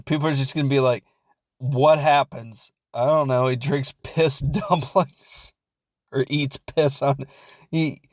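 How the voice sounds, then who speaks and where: A man's voice: a little high, dry recording, clean studio sound. A man with a Midwestern American accent, hosting a podcast and recapping a film in a rambling, jokey, self-deprecating way. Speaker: podcast host. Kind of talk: casual comedic film recap.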